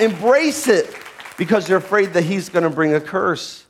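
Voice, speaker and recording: Preaching a sermon, a male pastor swings between shouted peaks and low, hushed teaching, peppering listeners with rhetorical questions. He is animated and speaks at normal speed, with a faint crowd and slight background noise audible.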